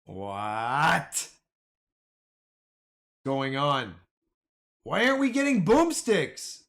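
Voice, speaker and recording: A man commenting on the stock market in a casual live stream, bantering with his viewers in slang. His delivery is unhurried, yet his voice swings widely between lows and highs. It sits somewhat high for a man. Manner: excitable, talks back to the chat with slang.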